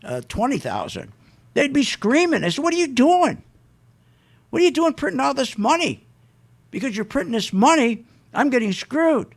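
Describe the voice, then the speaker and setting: A man's voice: sits high, fairly bright tone. A man hosting a radio show, delivering a fired-up, emphatic market rant that repeats points and mocks what others say. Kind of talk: live call-free market commentary rant.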